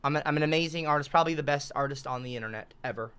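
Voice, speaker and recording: A woman's voice: deep voice, rapid-fire, a bit bright, clean tone. A woman streaming while she paints, rambling sarcastically and swearing often. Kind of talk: casual rambling stream talk.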